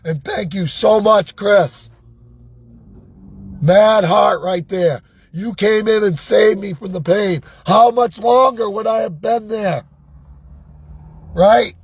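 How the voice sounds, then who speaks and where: A man's voice: high-pitched, slow pace, long pauses, slightly rough, no echo. An older man talking in an agitated personal monologue, swearing and asking "right?" again and again. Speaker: vlogger.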